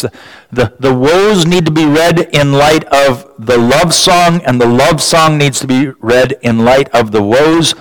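A man delivering a sermon at a slow, deliberate pace. His voice sits at a middling pitch and leaps upward when he stresses a point. The sound is dry and close, with no room echo. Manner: dramatic rises in pitch for emphasis, frequent restarts. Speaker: preacher.

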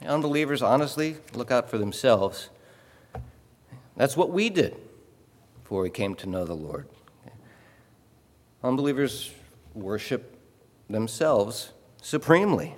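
A man preaching a sermon in a conversational way, often pausing to ask "okay?" and repeating words as he explains. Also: mid-range voice, very animated. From Illinois. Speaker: pastor. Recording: long hall reverb.

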